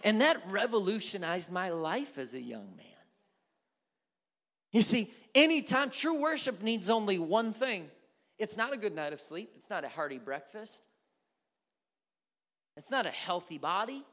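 Pastor guy preaching, high bright voice, gets loud, repeats himself, echoey church. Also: sing-song, measured pace, long pauses. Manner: builds from soft to shouting, repeats phrases. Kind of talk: sermon. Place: church sanctuary.

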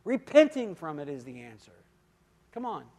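A man giving a sermon testimony, swinging from quiet, intimate moments to loud, emphatic calls, with repeated "come on" and "listen". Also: on the high side, wildly swooping pitch, normal speed. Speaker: guest speaker giving testimony.

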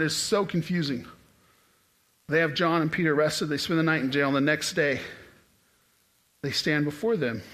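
A man delivers a casual sermon in a high, bright voice. He talks to the room like he's chatting, then climbs into loud, excited bursts to hammer a point home. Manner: animated, conversational preaching with sudden rises in pitch and volume. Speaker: pastor.

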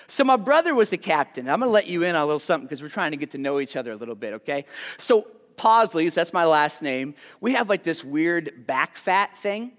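High-voiced man preaching in a reverberant hall. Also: a little fast. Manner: chatty and animated, full of "like" asides; drops to a soft, hushed tone for earnest appeals. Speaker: youth speaker. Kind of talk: casual sermon to a live audience. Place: large hall with a live audience.

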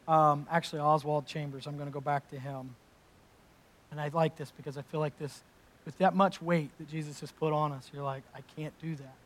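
A man's voice: on the high side, fairly even intonation, fairly quick, a bit bright. Emphatic man preaching a sermon. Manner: emphatic, conversational preaching with asides. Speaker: pastor. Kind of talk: sermon with scripture reading.

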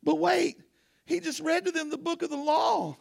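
High-voiced, animated man preaching. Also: moderate pace, vocal fry. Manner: animated, rambling, repeats himself. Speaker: guest preacher. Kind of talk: informal sermon.

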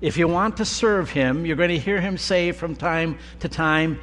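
A man preaching a sermon, with slow, deliberate delivery and emphatic pauses. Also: a little high, a bit bright. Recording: long reverb of a large hall, faint hum.

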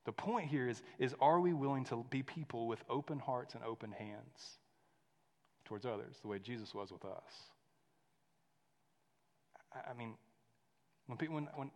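A man in his thirties preaching a sermon, telling a story in a lively way that drops to a hush and rises to loud. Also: mid-range voice. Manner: storytelling, animated swings from hushed to loud. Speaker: pastor. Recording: long hall reverb.

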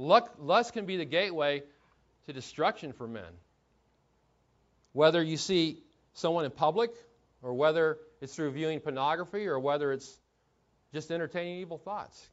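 A man's voice: on the high side, fairly bright tone. A man preaching a sermon in an earnest teaching tone, asking rhetorical questions and often restarting his phrases. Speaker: pastor. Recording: dull lo-fi recording.

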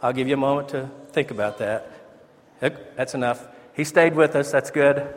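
At normal speed and medium pitch, a male pastor delivers an ordination sermon in a church sanctuary, with slight background noise and a long reverb. His manner is conversational and earnest, with asides and restarts.

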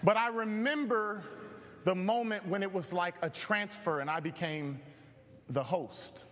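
A male pastor preaching a sermon with animated, joking storytelling. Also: high voice, a little slow, in a large hall, slight background noise.

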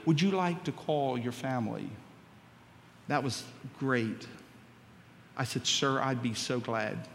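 A man's voice: mid-range voice, slow, gravelly, pauses often, fairly bright tone, a little hiss or hum. A male pastor preaching a sermon, telling a story and acting out the dialogue before building to emphatic preaching. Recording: long hall reverb.

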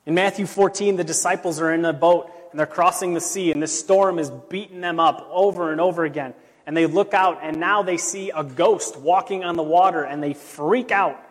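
A man, a pastor, preaching a sermon in a relaxed storytelling way with casual asides. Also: fairly high pitch, normal speed. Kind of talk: conversational sermon. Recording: long reverb of a large hall.

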